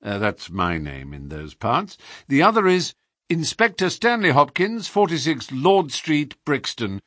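A man reading an audiobook, voicing a sharp, confident detective in a crisp, assured way. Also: a little high, big pitch swings, a little slow, no echo, voice pushed up, exaggerated voice. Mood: triumphant. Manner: crisp and assured, dry wit. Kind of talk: audiobook character voice.

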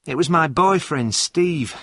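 A man's voice: on the high side, lively intonation, unhurried, a bit bright, no room sound, studio quality, pitched above the performer's own voice. A man voicing an earnest young woman in a read-aloud story, speaking in a raised, careful voice.

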